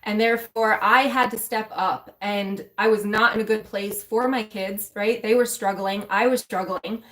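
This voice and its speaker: A woman's voice: mid-range voice, fairly even intonation, normal speed, a bit bright. A woman mentor and coach candidly telling her own story to viewers on a live stream, emotional and speaking straight to them in a loose, conversational way. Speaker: mentor and spiritual coach for women.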